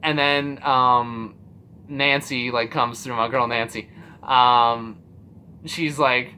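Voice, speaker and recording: A man giving a casual spoiler review of a TV series, animated and profane, acting out his own reactions with lots of fillers. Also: mid-range voice, measured pace, slight background noise. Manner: loose and profane, many fillers.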